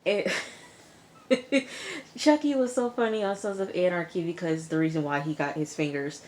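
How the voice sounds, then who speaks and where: A woman's voice: on the low side, moderate pace, a little mellow. Chatty young woman reviewing TV. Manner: chatty, laughing, talks straight to viewers. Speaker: TV review vlogger. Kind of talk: casual recap chat.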